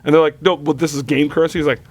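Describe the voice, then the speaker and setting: A man's voice: a little high, level tone, rapid-fire, no room sound. A man on a live stream chat, telling a story and teasing, mimicking other people as he goes.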